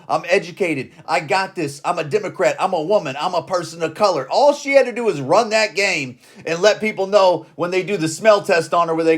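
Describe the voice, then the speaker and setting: A man in his forties with a notably high voice rants on his podcast in loose, slangy talk. He is blunt and keeps circling back to the same phrases to hammer them home. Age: 40s. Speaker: podcast host. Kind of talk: casual opinion rant.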